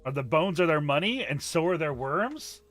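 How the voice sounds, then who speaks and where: A man's voice: a little high, animated, normal speed, a bit bright, faint music behind. A man from the US Midwest hosting a casual stream chat, joking, swearing and laughing often. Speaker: streamer host.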